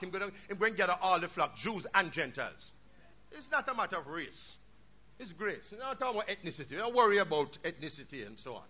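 A man preaching a sermon with fervour, dropping into low asides and rising to shouted peaks. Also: sing-song, brisk. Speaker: pastor. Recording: dull lo-fi recording with faint noise.

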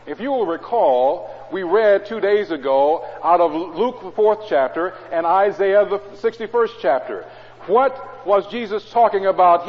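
Male preacher, fairly high voice, sermon in a church, loud readings and quiet asides, dull echoey recording. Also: expressive, unhurried. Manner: swings between loud scripture reading and low conversational asides. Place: church hall.

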